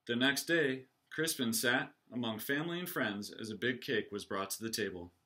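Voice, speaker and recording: A man, a teacher, reading a picture book aloud in an animated storytelling voice, close to the camera. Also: medium pitch, normal speed. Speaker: reader, teacher.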